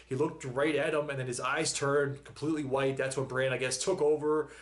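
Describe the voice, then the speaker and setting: A man's voice: mid-range voice, level tone, fairly quick. A man hosting a reaction video, talking in a casual, rambling way while still emotional after crying, with frequent sighs and laughs. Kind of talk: casual chat.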